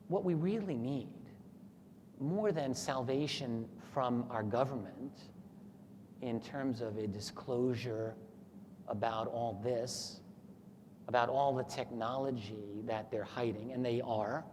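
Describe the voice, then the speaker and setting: A man's voice: medium pitch, a little mellow. Earnest man telling a story in a hall. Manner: earnest storyteller, acts out quoted thoughts. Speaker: speaker at a talk. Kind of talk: lecture with a story retold. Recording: echoey hall with faint noise.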